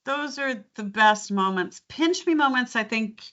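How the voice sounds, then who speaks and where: A woman dialect coach talks through her craft in a bright, forceful voice, animated and quick to laugh partway through a sentence. The recording sounds dull and lo-fi. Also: a little high. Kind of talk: casual interview chat.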